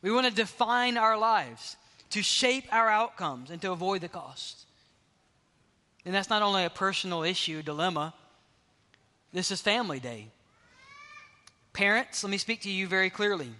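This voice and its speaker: A pastor delivers an emphatic sermon in a high, bright voice. His speech carries a long reverberant tail from the large sanctuary around him. He leans into key phrases and slows down for weight. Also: animated.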